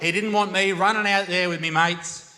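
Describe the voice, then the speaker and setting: A man's voice: high voice, fairly even intonation, normal speed, pushed and bright. A young Australian man doing a crude, swear-filled stand-up set on a comedy stage, telling stories to a live crowd. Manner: crude, swearing, brash storytelling.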